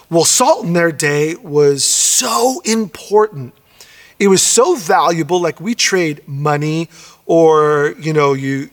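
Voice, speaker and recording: A fairly high-voiced man preaching a conversational sermon, leaning on key phrases and drawing them out for emphasis. His voice rings with the long reverb of a big hall. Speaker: pastor.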